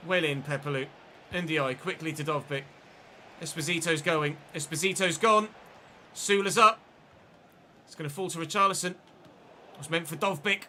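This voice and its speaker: Male streamer, sharp bright tone, slightly raised pitch, faint ambience underneath, calls the play and swears when it goes wrong. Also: moderate pace, slight background noise. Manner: running play-by-play, swearing and frustrated outbursts. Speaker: gaming streamer. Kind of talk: live gameplay commentary.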